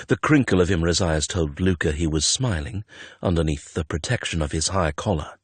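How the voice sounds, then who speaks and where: A man's voice: sits low, normal speed, breathy edge, dry recording. A man reading a romance audiobook in a tense, dramatic narration on a close studio mic. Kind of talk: scripted narration.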